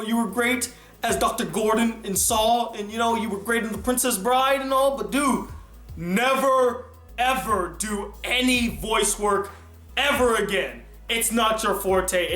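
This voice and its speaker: Animated male film reviewer, high pitch; roomy sound. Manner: animated, emphatic and exclamatory. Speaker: film reviewer and channel host. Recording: roomy echo with faint music.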